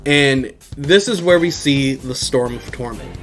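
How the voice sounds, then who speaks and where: A man's voice: medium pitch, unhurried, a bit bright, faint music behind. A young man hosting a podcast, casually recapping an anime episode in a rambling, profane way and laughing often. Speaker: podcast host.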